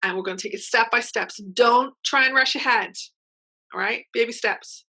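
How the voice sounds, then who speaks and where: Upbeat bright-voiced woman coach. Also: on the high side, normal speed, poor audio. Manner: upbeat, chatty, frequent check-ins with listeners. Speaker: mental game coach. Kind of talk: online workshop teaching.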